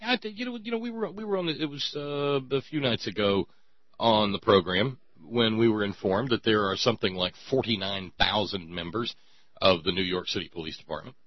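Sarcastic talk radio host, husky voice. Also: male voice, fairly low pitch, fairly quick, no echo, lo-fi sound. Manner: sarcastic, sighing, stammering repeats.

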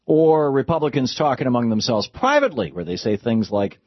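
A man's voice: on the high side, very animated, fast talker, few pauses, no room sound. A man delivering a political commentary monologue, impassioned and with sarcastic asides. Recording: dull lo-fi dry recording.

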